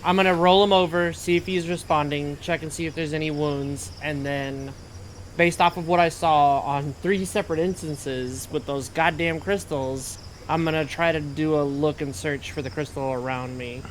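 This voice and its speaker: A man's voice: on the high side, steady tone, normal speed, a little hiss or hum. Blunt man playing a tabletop game. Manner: blunt, declarative. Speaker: player. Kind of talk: casual tabletop play.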